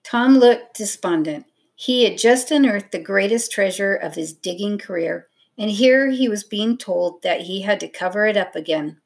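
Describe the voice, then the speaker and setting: A woman narrating a children's storybook in a steady, expressive reading voice. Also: medium pitch, normal speed, vocal fry, hardly any pauses.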